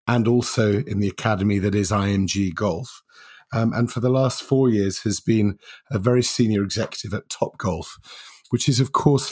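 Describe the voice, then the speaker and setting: A man's voice: lowish voice, a little mellow, breathy edge, no room sound, clean studio sound. A man co-hosting a casual podcast, rambling and hesitant, with frequent ums and restarts. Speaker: podcast co-host.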